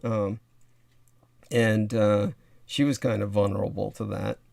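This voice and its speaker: A man's voice: on the low side, flat delivery, a little slow, gravelly, darkish tone, dry recording, studio quality. A man hosting a casual livestream chat, rambling with lots of fillers and asides. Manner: rambling with many fillers and laughs. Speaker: livestream host.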